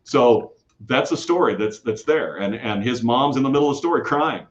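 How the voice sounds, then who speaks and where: A man from the Kansas City area, a guest storyteller telling rambling, animated stories with many restarts in a casual interview. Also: mid-range voice, moderate pace. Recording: dull lo-fi audio.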